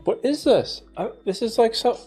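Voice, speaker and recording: A man hosting a casual livestream, laid-back and playful with slangy banter, gentle when he talks to young children. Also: very high voice, expressive, moderate pace, breathy edge, faint music behind. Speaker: livestream host.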